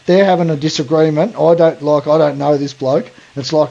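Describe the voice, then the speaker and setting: A man's voice: fairly high pitch, steady tone, fairly quick, gravelly, warm tone, lo-fi sound. An Australian man hosting a podcast, telling a long story in a rambling, slangy way full of fillers. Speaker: podcast host. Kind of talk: casual storytelling.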